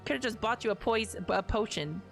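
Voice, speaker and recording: A woman streams a game with casual live commentary, joking and reading the game's dialogue aloud. Her mid-range voice is gravelly and moderately paced, with faint music behind her. She's playful, swears casually and laughs often.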